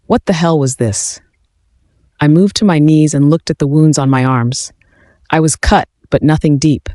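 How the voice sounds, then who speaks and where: A man with a fairly high voice reads a first-person story in a steady, even manner. The sound is dry and close, with no room echo. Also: normal speed. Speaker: narrator.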